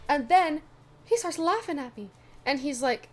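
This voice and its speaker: A young adult woman casually chatting to her viewers, telling a funny story with lively asides. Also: high voice, unhurried, soft background music. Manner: chatty, animated retelling with asides. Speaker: vlogger.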